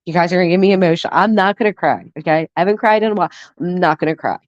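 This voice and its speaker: A thirties woman still recovering from the flu chats with her live-stream audience, reading and answering comments. She's candid and profane, flipping fast between sappy and indignant. Her lowish voice sounds close and dry with no room sound, and the audio is slightly dull.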